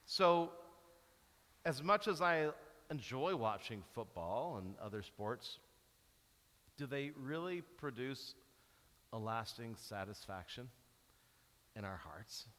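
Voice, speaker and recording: A man's voice: medium pitch, slow pace, pauses often. A man preaching a sermon as pastor, telling stories and acting out the cheers and groans of a sports fan. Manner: animated storytelling, acts out cheering and groaning. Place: large church hall. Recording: hall reverb from a church.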